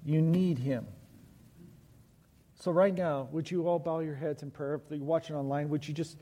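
A man's voice: fairly high pitch, steady tone, normal speed, dark tone. A man preaching a sermon as pastor, earnest and building to impassioned pleading before leading a prayer. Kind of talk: sermon with altar call and prayer. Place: church sanctuary. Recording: long church reverb.

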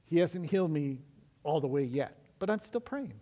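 A man's voice: fairly high pitch, very animated, normal speed, dark tone. A middle-aged man preaching a sermon as pastor, telling stories in a conversational way with frequent restarts. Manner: conversational storytelling with many restarts. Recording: long echo of a large hall.

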